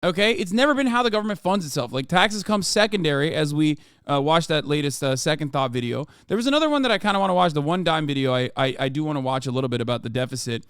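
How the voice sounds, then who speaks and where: A man reacts to news on a live stream. His voice is smooth and resonant, set a little high for a man, and recorded close and dry. He talks in a heated, profane, emphatic way. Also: lively intonation, fast talker, few pauses, fairly bright tone, no echo.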